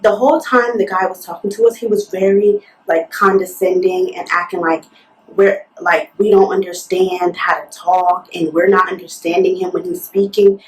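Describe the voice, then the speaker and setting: A woman's voice: lowish voice, steady tone, moderate pace. Heated young woman retelling a story, lots of "like", roomy echo. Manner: fired-up, indignant, talks with lots of "like". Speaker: vlogger. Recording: roomy echo, mic at a distance.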